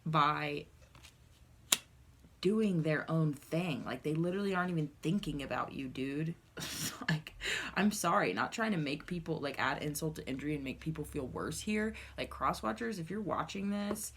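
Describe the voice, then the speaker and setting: A low-pitched woman talks through a tarot reading in a relaxed, conversational way. She is blunt and unfiltered, swears freely, and keeps addressing her viewers directly. It sounds like a solo recording made to camera. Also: moderate pace, slightly rough. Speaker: tarot reader.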